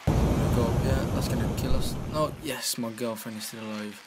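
A man giving casual, excitable let's-play commentary from his computer, talking to the game and yelping at crashes. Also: mid-range voice, normal speed, heavy background noise. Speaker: gaming channel host. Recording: home mic with clear keyboard clicking.

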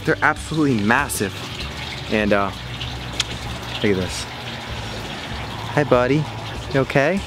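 A young man vlogging outdoors by a pond, excited and hyped, talking to his pet fish and his viewers. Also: mid-range voice. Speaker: fishing vlogger. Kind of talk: casual outdoor vlog talk.

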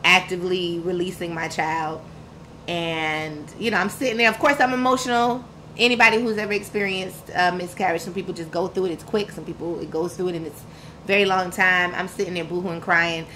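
On poor audio with a little hiss or hum, this woman talks a bit fast in a low-ish, pushed and bright voice that barely moves in pitch. Candid and slangy, she emphatically retells her personal story as a podcast guest, quoting what people said.

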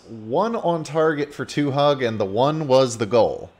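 A man casually commentating a video game football match play by play, getting loud when a goal goes in. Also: medium pitch, unhurried. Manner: casual, rising excitedly on goals.

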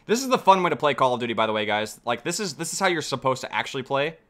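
A young man streaming a shooter game live, chatting to viewers and swearing and shouting as the action heats up. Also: medium pitch, rapid-fire. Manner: excitable, swearing, reacting loudly to the game. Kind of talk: live gameplay commentary. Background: gunfire from the game.

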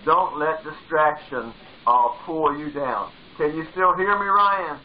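A man's voice: a little high, slow pace, dull audio, a little hiss or hum. A male pastor preaching a sermon with fervor, driving points home by repeating phrases. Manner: fervent, repeats phrases for emphasis.

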